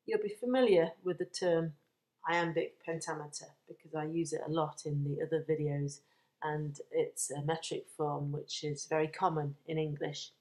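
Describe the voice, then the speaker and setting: A woman teaching a recorded revision lesson on a poem, explaining slowly and deliberately and stressing words for emphasis. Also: low voice, steady tone, darkish tone. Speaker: English literature teacher.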